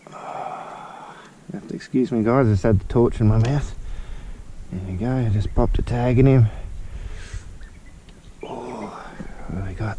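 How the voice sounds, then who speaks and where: A man's voice: mid-range voice, mellow, a little hiss or hum. A man with an Australian accent chatting casually to viewers while fishing from a kayak, recorded on an action camera. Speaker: fishing vlogger. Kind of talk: casual outdoor vlog. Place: on a kayak outdoors on the water.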